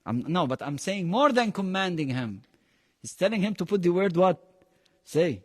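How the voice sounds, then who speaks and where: This Quran teacher's voice sits high and is very animated, moving at a moderate pace through a large hall. He is emphatic, regularly tests his class with questions, and blends phrases into his English, which is not his first language since he grew up speaking Arabic.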